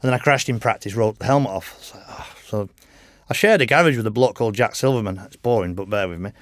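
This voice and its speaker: A man's voice: fairly low pitch, quick pace, dry recording, clean studio sound. A middle-aged man, a podcast guest telling rambling stories in a casual way, swearing freely and laughing often. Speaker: podcast guest, motorcycle racer. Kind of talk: casual interview chat.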